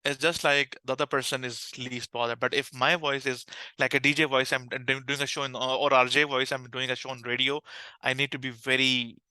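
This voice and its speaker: Bright, crisp man with a Pakistani accent. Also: medium pitch, fairly quick, no room sound, low-quality recording. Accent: Pakistani English. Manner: energetic, frequent restarts and fillers. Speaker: customer success manager, podcast guest. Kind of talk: conversational interview answers.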